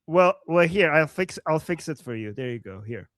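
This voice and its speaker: A man's voice: a little high, expressive, normal speed, fairly bright tone, no echo, clean studio sound. A man co-hosting a casual commentary chat, amused and playful, laughing often. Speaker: co-host.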